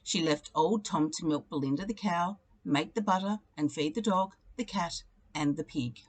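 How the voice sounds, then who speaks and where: A teacher reading a children's picture book aloud, telling the story expressively and leaning into its repeated refrains. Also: female voice, lowish voice, normal speed.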